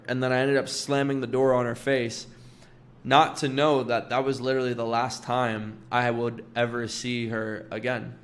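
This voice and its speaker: Flat-voiced young man telling a painful story. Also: medium pitch. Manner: blunt, swears often, fillers like "like". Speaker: vlogger telling a personal story. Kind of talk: candid personal storytelling.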